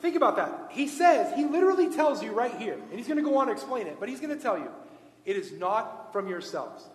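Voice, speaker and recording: A man preaching a sermon in a church sanctuary, asking the congregation questions and swinging from loud emphatic points to hushed asides. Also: very high-pitched, sing-song, a little fast. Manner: asks the congregation rhetorical questions. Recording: echoey church hall, long reverb.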